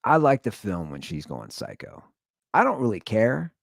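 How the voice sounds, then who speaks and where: A man in his thirties hosting a podcast, telling stories in a blunt, profane, animated casual rant. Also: fairly low pitch, moderate pace, creaky, no room sound, clean studio sound. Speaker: podcast host.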